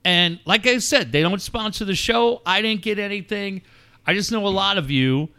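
A man's voice: sits high, normal speed, pushed and bright, clear, resonant tone. A middle-aged man hosting a radio show, telling a story casually and acting out phone calls in quoted voices.

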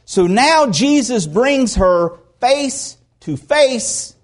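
A pastor delivers a sermon in a high voice that swoops up and down. He talks to his congregation like he is chatting with them, and he hammers points home by repeating short phrases. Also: extremely slow. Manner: animated, conversational, repeats phrases for emphasis. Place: church service.

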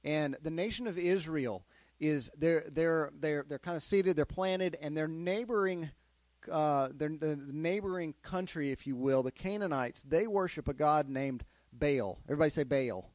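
A man teaching a Bible lesson to a group of children, keeping them involved with steady questions and lively storytelling. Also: fairly high pitch, unhurried, dry recording. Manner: asks the kids questions, animated storytelling. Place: classroom with children.

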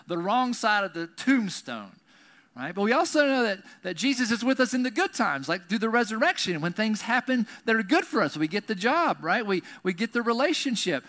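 A man's voice: high voice, fairly bright tone. A man preaching a sermon as a pastor, talking in a conversational way and often tagging his sentences with "right?".

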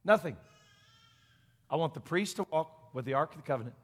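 A pastor voicing God as a calm, commanding male deity, speaking plainly and quietly within his sermon. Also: on the high side, brisk, breathy edge, in a large hall. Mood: calm, matter-of-fact. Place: church sanctuary.

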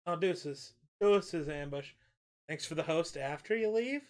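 Animated, swearing male host. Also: a little high, unhurried. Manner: animated and profane, tells stories. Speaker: podcast and stream host. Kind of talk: casual chat.

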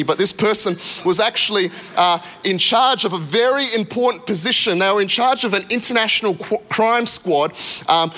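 A man in his thirties preaching in a church, telling a story with lively acted-out voices before a sermon. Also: high voice. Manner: animated storyteller, acting out voices. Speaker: pastor. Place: church hall.

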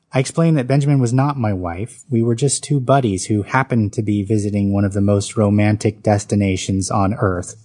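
A man's voice: on the low side, mellow. A man reading his own autobiographical story aloud, with dry comic timing.

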